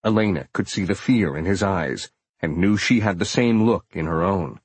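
A man narrating a thriller audiobook in a steady, dramatic storytelling manner. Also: sits low, moderate pace, slightly rough, no room sound.

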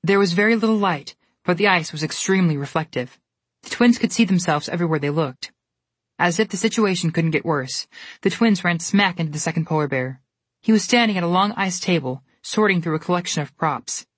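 A woman telling a storybook tale in steady, expressive scripted narration. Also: lowish voice, a little fast, no room sound.

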